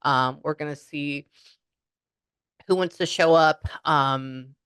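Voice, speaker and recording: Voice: mid-range voice, slow, a bit bright, clear, resonant tone, dry recording. A psychic medium, chatting through a spirit reading and relaying messages.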